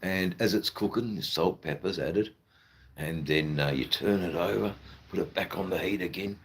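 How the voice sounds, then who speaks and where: A man's voice: low-pitched, normal speed, slight background noise. A man with an Australian accent chatting loosely to his live chat, rambling, swearing and filling gaps with ums and uhs. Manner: rambling, loose and profane, full of fillers. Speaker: livestreamer. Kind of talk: casual live-stream chat.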